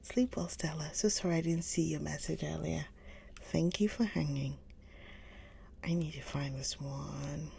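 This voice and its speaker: A woman hosting a live book stream, chatting casually with viewers, gushing and often slipping into a soft whisper. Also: sits low, fairly even intonation, a little slow, creaky, slight background noise. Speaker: livestream book reader host.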